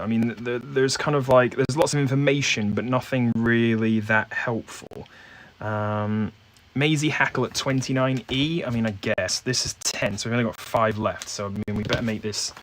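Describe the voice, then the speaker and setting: Slight background noise accompanies this man's mid-range voice. Playing a detective board game alone and narrating, he reads out the case and mulls over leads hesitantly, using lots of fillers.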